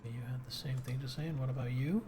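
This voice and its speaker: A man's voice: mid-range voice, fairly even intonation, quick pace. A man streaming a video game live, chatting with viewers and reading on-screen text aloud.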